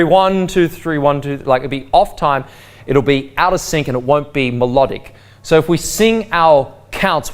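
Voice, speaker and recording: Guy teaching waltz, kinda high voice, swoops around a lot, sings the counts, soft music behind. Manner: counts beats aloud in a sing-song voice. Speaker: dance teacher. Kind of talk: spoken dance lesson.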